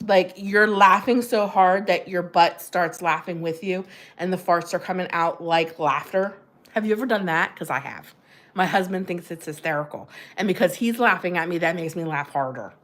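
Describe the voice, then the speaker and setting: A woman's voice: on the low side, moderate pace, fairly bright tone. A middle-aged woman hosting a casual livestream, chatting and giggling as she answers viewers' comments. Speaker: livestream host.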